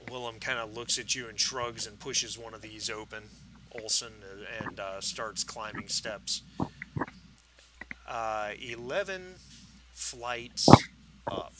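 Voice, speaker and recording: A man narrating a tabletop game as game master, halting with fillers and restarts. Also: medium pitch, noisy background.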